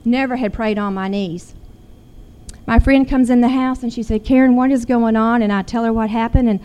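Her voice sits on the high side with a dark, clean tone, fairly even intonation and normal speed. A middle-aged guest, she earnestly relates a personal story, growing intense as she retells it.

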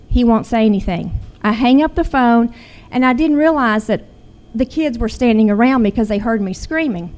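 This middle-aged woman's voice is fairly high and mellow, moving at a normal pace. As a guest telling a personal story, she stays earnest and becomes more intense during the retelling.

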